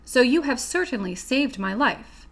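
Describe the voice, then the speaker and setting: A woman's voice: sits high, expressive, a little slow, heavily acted. A woman voicing a polite, grateful man made of tin who speaks in a sad, courteous way. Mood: plaintive. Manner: mournful, courteous.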